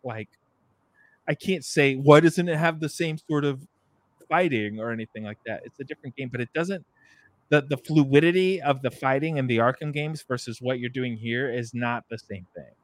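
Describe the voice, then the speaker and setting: A man's voice: mid-range voice, normal speed, no room sound. Rambling podcast man, dry close sound. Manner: rambling, many fillers and restarts. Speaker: podcast co-host. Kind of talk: casual video game discussion.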